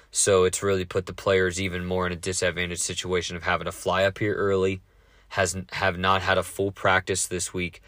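Fast-talking, cussing man with a deep voice. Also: fairly bright tone, dry recording, studio quality. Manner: fast, profane, rambling. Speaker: sports podcast host. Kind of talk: casual sports talk.

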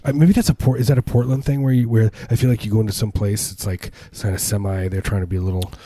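A man with a husky, mellow, fairly low voice tells rambling comic stories in casual chat. He restarts his sentences often and acts out the people he quotes. The sound is dry and close. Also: fairly even intonation, fast, no echo. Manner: rambling storyteller with many restarts and acted-out quotes.

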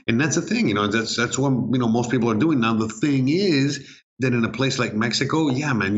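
A man's voice: medium pitch, slight background noise. Podcast co-host, male, loose and rambling, keeps saying "you know what I mean", muffled lo-fi recording. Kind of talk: casual chat.

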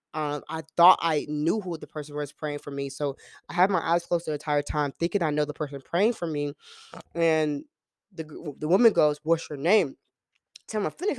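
A man's voice: fairly high pitch, no room sound, clean studio sound. Emphatic young man telling a story. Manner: emphatic, repeats key phrases for stress; acts out quoted dialogue in storytelling. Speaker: podcast host and missionary student. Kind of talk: casual storytelling podcast talk.

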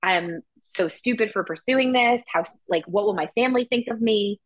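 A woman's voice: mid-range voice, normal speed, no room sound, low-quality recording. A woman co-hosting a podcast, chatting casually and earnestly and acting out her own thoughts. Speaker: podcast co-host. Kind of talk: casual chat.

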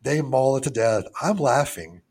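A man's voice: mid-range voice, lively intonation, moderate pace, a little mellow, slight background noise. A young man co-hosting a podcast, chatting casually and crudely about a film, laughing often and acting out scenes in a put-on voice. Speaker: podcast co-host.

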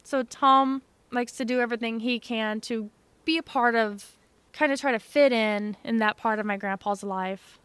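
A woman's voice: on the high side, steady tone, moderate pace, fairly bright tone, smooth, dry recording. A young woman co-hosting a podcast, telling a story in a chatty, sarcastic way. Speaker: podcast co-host. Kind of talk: casual chat.

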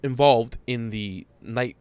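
A man's voice: medium pitch, takes it slowly, a little mellow, smooth, no echo. A man co-hosting a podcast, explaining game details at length in a rambling way, with many restarts. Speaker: podcast co-host. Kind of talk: casual gaming chat.

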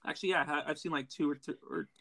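A man's voice: a little high, fairly even intonation, gravelly, sharp tone. A man ranting heatedly and profanely in casual podcast chat. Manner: heated, profane, fast rant.

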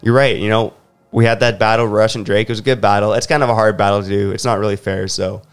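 Fast-talking easygoing man co-host. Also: lowish voice, steady tone, smooth. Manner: easygoing, agreeable, chatty. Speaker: podcast co-host. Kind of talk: casual chat.

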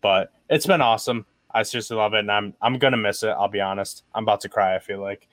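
A man's voice: on the low side, fast, a bit bright, no echo. A man co-hosting a podcast, joking crudely with friends, then saying sentimental goodbyes. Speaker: podcast co-host. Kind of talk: casual podcast banter.

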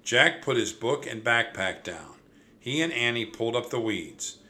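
A man narrating a children's chapter book in a clear, steady storytelling manner. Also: mid-range voice, a little slow, a little hiss or hum.

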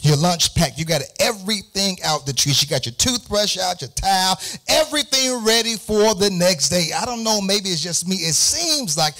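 In a church, a pastor preaches a sermon in a high, sing-song voice with lively intonation at normal speed and hardly any pauses. He calls for "amen" from the congregation, makes joking asides to people he names, and builds to shouted, fervent peaks.

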